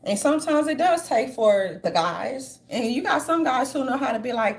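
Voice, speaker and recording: Blunt high-pitched woman ranting. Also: lively intonation, normal speed, few pauses. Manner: blunt, profane, mocking quoted voices. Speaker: commentary channel host. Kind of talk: casual opinion monologue.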